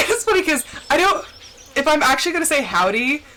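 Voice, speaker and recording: A woman's voice: high-pitched, big pitch swings, brisk, pushed and bright, slight background noise. A young woman with a General American accent, from the central United States, chatting casually on a gaming stream from home into a close mic, giggling often. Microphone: close desk mic.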